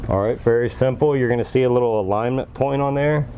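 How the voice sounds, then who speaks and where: A man's voice: mid-range voice, fast, muffled recording, slight background noise. A man casually talking viewers through a car part install, upbeat and folksy. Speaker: car enthusiast vlogger. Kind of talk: casual how-to talk.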